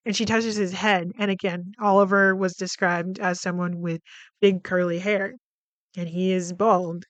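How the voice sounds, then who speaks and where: A woman's voice: medium pitch, fairly even intonation, unhurried, clear, resonant tone, no room sound. A woman hosting a podcast, recapping a film in a casual, chatty way, full of "like" fillers and freely swearing. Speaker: podcast host.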